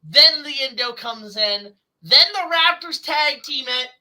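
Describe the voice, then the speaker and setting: A woman reviewing a film in a casual, excitable chat, swearing now and then. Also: sits high, a little slow, low-quality recording.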